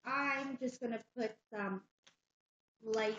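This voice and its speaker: A woman with a fairly high voice gushes about makeup on a casual livestream. She repeats her praise again and again. The room is echoey and the sound is dull. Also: takes it slowly, a bit bright. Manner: enthusiastic, gushing, repeats herself. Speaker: livestream co-host.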